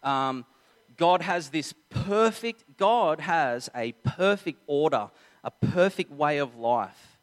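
A man's voice: fairly high pitch, animated, slow pace. A man preaching a sermon to a crowd, telling a story with many restarts and repeated words. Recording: long hall reverb.

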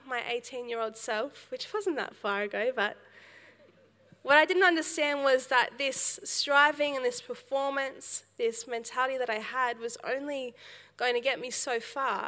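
Bright young woman preaching in a hall. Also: sits high. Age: young adult. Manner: storytelling with laughs and acted quotes, animated. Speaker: speaker at a church service. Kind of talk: sermon.

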